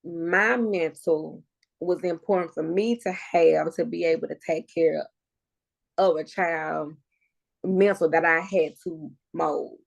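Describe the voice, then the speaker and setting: Low gravelly-voiced woman, close to tears. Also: fairly even intonation, slow. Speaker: podcast guest. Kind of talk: emotional personal conversation.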